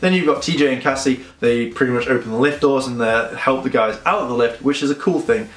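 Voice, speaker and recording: A man's voice: mid-range voice, fast, fairly bright tone, soft background music. A man giving a casual, rambling episode review, correcting himself often and acting out characters' lines. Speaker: show reviewer. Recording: echoey room.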